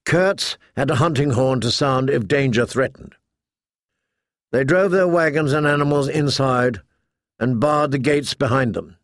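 Man, audiobook narration, mid pitch, measured, dry close mic. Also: no echo. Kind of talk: scripted narration.

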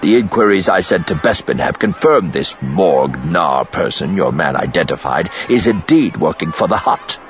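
A man voicing a smooth, menacing male crime boss who speaks quietly in clipped, hissing words. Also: sits low, animated, moderate pace, few pauses, muffled recording. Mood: calculating.

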